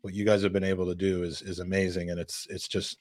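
A man's voice: low-pitched, little pitch movement, quick pace, a little mellow, dry recording, studio quality. A man hosting a podcast, reading listener questions and praising his co-host with enthusiasm. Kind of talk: casual podcast chat.

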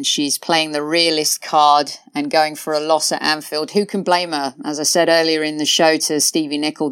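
A woman's voice: low voice, fairly bright tone, clear, resonant tone, no room sound, clean studio sound. A woman hosting a football podcast, chatting casually with many fillers like "uh" and "you know". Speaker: podcast host.

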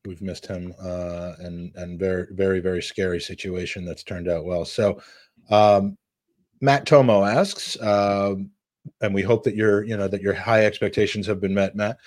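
A man's voice: deep voice, steady tone, moderate pace, a little mellow, no room sound, studio quality. A man hosting a podcast, reading listener questions and praising his co-host with enthusiasm. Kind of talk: casual podcast chat.

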